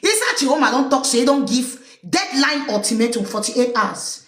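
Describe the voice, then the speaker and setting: Cameroonian woman hosting a livestream, animated, high voice, echoey room. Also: normal speed. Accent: Cameroonian Pidgin English. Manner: animated, fires rhetorical questions at listeners. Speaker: livestream host. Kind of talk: casual political commentary.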